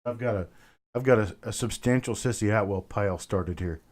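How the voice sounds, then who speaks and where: A man's voice: on the low side, a little fast, darkish tone. A middle-aged man runs a live coin auction stream and keeps up easy, casual chatter with his viewers. He reads out names from the chat and answers each one directly, calling them brother. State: a bit winded.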